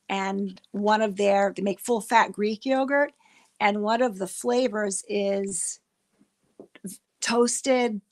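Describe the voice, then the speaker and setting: A middle-aged woman hosting a livestream, chatting casually with her viewers in a rambling way and often restarting her words. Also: medium pitch. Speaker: livestream host. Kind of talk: casual livestream chat with chat readers.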